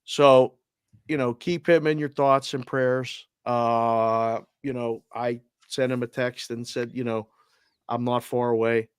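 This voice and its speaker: Male podcast co-host, mid-pitched and heartfelt, dry close-miked studio sound. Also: level tone, slow, smooth, dry recording. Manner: earnest, heartfelt, reads listener messages aloud. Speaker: sports betting podcast co-host. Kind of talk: casual podcast chat.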